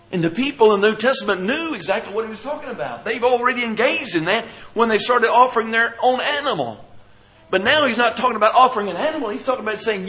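A man's voice: high voice, bright, forceful tone, low-quality recording. A man, the pastor, preaching a sermon, reading scripture aloud and asking the congregation questions he then answers.

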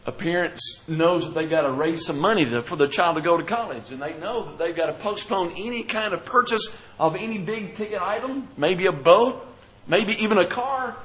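Heard on a low-quality recording, this high-voiced man with a sharp tone is the pastor delivering a sermon. He reads scripture aloud and asks the congregation questions before answering them.

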